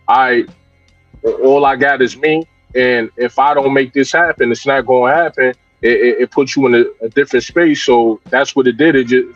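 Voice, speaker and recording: A man's voice: medium pitch, no echo. A male artist guest speaks candidly and reflectively, often restarting a thought before he lands it. His voice comes through a dull, lo-fi signal with a dry, close sound. Faint music plays underneath. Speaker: guest hip hop and R&B artist. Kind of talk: casual interview talk.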